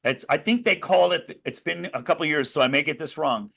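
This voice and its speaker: A man's voice: fairly high pitch, fairly quick, gravelly, husky. Earnest American man, restless storyteller. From United States. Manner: earnest, animated storytelling with frequent restarts. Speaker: interview guest. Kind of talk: conversational interview.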